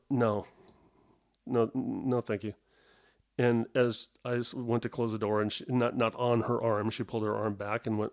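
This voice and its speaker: A man's voice: lowish voice, little pitch movement, moderate pace, darkish tone. A middle-aged man hosting a solo podcast from home, telling a story in a rambling, self-interrupting, wry and self-mocking way. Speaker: podcast host.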